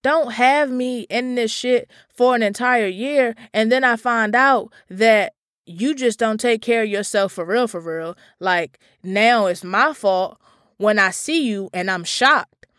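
Woman with a slightly high voice, ranting to camera; blunt, sarcastic, swears freely, dry sound. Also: slow pace, fairly bright tone, dry recording. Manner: blunt, profane, emphatic. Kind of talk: casual rant to camera.

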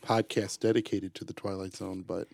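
A man's voice: sits low, little pitch movement, normal speed, gravelly, darkish tone. A man co-hosting a podcast, giving short, dry replies in casual comedic chat. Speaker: podcast co-host.

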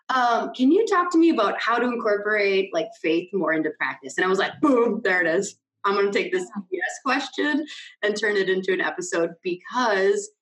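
A woman's voice: mid-range voice, roomy sound, poor audio. A woman hosting a podcast in casual chat, bubbly and self-mocking, full of fillers. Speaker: podcast host.

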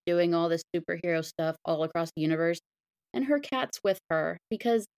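A young woman co-hosting a podcast in casual chat, expressive and acting out imagined dialogue. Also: lowish voice, smooth. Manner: expressive, acts out imagined dialogue in quick voices. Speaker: podcast co-host.

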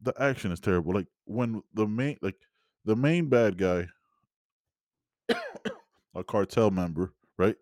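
Male podcast host, low-pitched, exasperated rambling movie-review rant, dry recording. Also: lively intonation, unhurried, long pauses, a little mellow, no room sound. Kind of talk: casual solo movie review.

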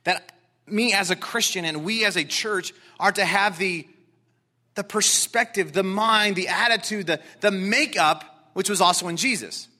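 A man preaching a sermon, explaining scripture and dropping into quiet, earnest asides. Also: high-pitched, measured pace. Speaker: pastor.

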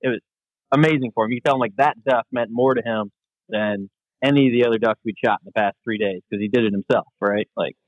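Animated man telling hunting stories. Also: medium pitch, fast talker, no echo, dull audio. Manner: animated, anecdotal storyteller. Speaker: guest, veterans outdoor program leader. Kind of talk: casual interview storytelling.

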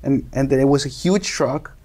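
A young man from Colombia, a native Spanish speaker, telling casual stories as an interview guest, animated and laughing often. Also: medium pitch, moderate pace. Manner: animated, laughing, acts out quoted voices. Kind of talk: casual storytelling.

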